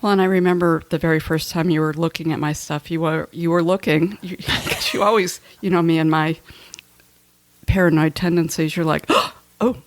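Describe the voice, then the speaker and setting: A woman's voice: deep voice, fairly even intonation, normal speed, no room sound. A woman hosting a podcast, talking casually and chattily, often joking at her own expense. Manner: chatty, self-mocking, laughs while talking. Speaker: podcast host. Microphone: headphones and mic.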